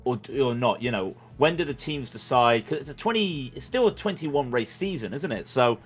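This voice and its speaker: A man's voice: mid-range voice, lively intonation, normal speed, husky, soft background music. Rambling, stammering male race commentator. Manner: rambling, stammering restarts, jokey. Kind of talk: casual commentary chat.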